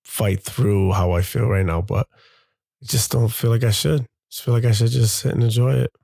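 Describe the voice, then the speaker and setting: A man's voice: mid-range voice, fairly even intonation, normal speed, creaky, warm tone, no echo. A man, a father hosting his own show, speaking in a candid, confessional monologue that halts and repeats as he gathers his thoughts.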